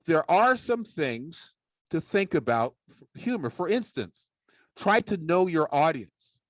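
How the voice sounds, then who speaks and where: Playful man with a lively voice. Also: a little high, takes it slowly, dry recording. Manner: playful, mock-serious. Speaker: public speaking champion giving a talk. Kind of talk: humorous speech with ventriloquism.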